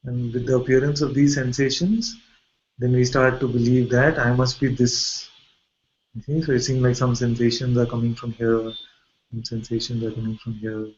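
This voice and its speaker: A man with an Indian accent, a spiritual teacher giving a gentle satsang talk full of rhetorical questions. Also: mid-range voice, flat delivery, moderate pace, highs cut off. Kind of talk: satsang talk and video-call chat.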